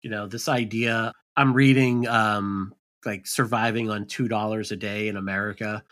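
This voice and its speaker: A man's voice: on the low side, steady tone, moderate pace, fairly bright tone. A man co-hosting a film podcast in loose, casual conversation. He rambles through his points, padding them with "like" and "you know.". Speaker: podcast co-host.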